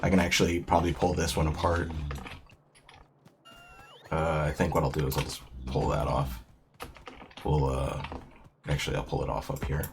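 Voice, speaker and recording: A man's voice: a bass voice, flat delivery, normal speed, long pauses, background noise. A man streaming a game, rambling in a casual, self-deprecating way with lots of fillers. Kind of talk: casual gameplay commentary.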